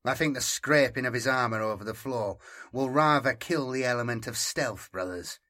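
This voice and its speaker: A man voicing Sirian, a sardonic male veteran soldier who speaks in a wry, measured way in an audiobook reading. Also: mid-range voice, bright, forceful tone, natural voice.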